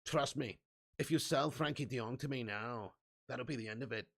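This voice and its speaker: A man putting on a poor Northern Irish accent to play a menacing older tough guy, speaking slowly and deliberately in a hushed, growling voice. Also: mid-range voice, vocal fry, voice pushed down. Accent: Northern Irish, put on poorly. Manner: slow, deliberate, mock-threatening.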